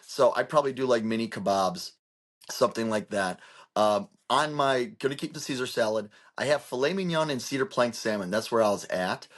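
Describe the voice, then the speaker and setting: A man's voice: mid-range voice, expressive, a little fast. A man co-hosting a podcast, talking casually and rambling with many restarts and fillers. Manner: rambling, restarts often, heavy use of "like". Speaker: podcast co-host.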